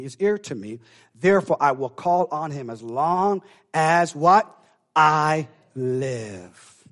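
A pastor preaching a sermon, emphatic and calling out to the congregation, swinging from hushed talk to shouting. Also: male voice, medium pitch.

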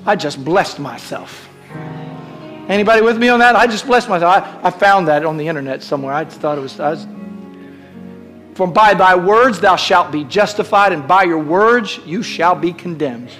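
High, bright-voiced man preaching. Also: expressive, moderate pace, faint music behind. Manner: exhorting, building to shouted declarations. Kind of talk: sermon with call-and-response. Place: church sanctuary.

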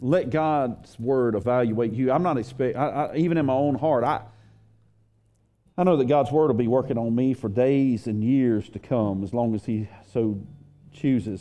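A male pastor preaches a sermon in a warm, mellow voice of medium pitch. He steadily builds intensity and repeats key phrases for emphasis.

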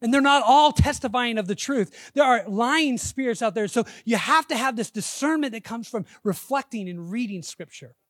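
A man preaching a sermon as pastor, conversational and animated, acting out quotes. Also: very high-pitched, moderate pace, hardly any pauses, no room sound, clean studio sound.

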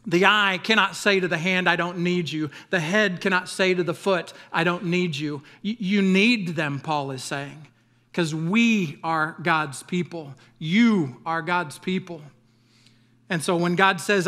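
A middle-aged man delivers a Sunday sermon in an easygoing, chatty way, dropping jokes and asides between passages of scripture. His voice sits a little higher than most men's. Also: a little slow, bright, forceful tone. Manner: conversational preaching with humor and asides. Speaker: pastor.

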